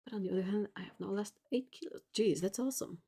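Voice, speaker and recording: Mellow-voiced woman chatting while painting. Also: mid-range voice, fast talker, slight background noise. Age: 40s. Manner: chatty, reads viewer comments aloud, laughs at own jokes. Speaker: art livestream host. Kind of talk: casual live-stream chat while painting.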